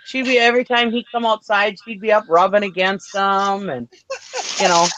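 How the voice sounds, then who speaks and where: A woman's voice: medium pitch, fairly even intonation, normal speed, a bit bright, poor audio. A woman chatting casually on a live show, laughing often between stories.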